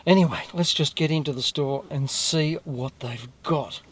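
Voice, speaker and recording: A man's voice: on the high side, moderate pace, husky. An Australian man hosting a casual food review video, chatting to his viewers in a rambling way and correcting himself as he goes.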